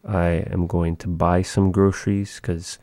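Slow, deep-voiced man teaching a language. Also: flat delivery, a little mellow, no echo, studio quality. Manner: slow, measured, pausing often. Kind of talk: language lesson, thinking aloud.

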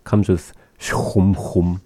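A man's voice: deep voice, level tone, extremely slow, warm tone, dry recording. A man teaching a language lesson, speaking patiently and repeating words for practice.

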